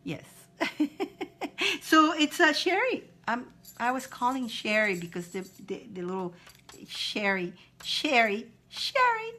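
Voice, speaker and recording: Animated woman giving spiritual pep talk. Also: fairly high pitch, unhurried. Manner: repetitive, encouraging, reads viewer comments aloud. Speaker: spiritual advice host. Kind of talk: live-stream motivational chat.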